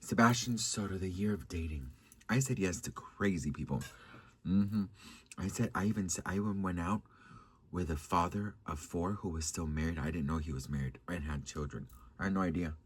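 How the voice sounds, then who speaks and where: A man telling dating stories to his viewers in a casual, sassy, dramatic way, swearing and changing his pitch often. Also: normal speed, breathy edge. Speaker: vlogger. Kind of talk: casual storytime chat.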